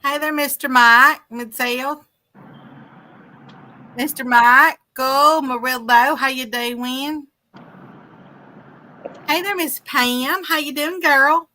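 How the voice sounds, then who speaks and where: A woman's voice: high voice, steady tone, slow, pauses often, pushed and bright. A woman co-hosting a fishing livestream from a boat, cheerfully greeting viewers by name and reading their chat comments. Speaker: co-host reading live chat. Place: outdoors on a boat on a bay.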